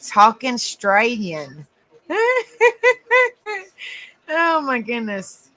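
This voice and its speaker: Southern woman, live-stream host; leisurely pace, slightly high, cheerful and chatty. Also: slow pace, sharp tone, low-quality recording. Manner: chatty, giggly, greets viewers by name. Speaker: livestream host. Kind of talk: casual live-stream chat.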